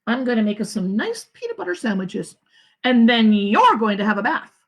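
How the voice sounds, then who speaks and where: A cheerful, bumbling dad who coaxes his children in an upbeat way, as a woman reading a storybook puts him on. The voice is a little husky and swings up and down in pitch. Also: big pitch swings, normal speed, exaggerated voice. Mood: firm. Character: cheerful, bumbling father cooking for kids.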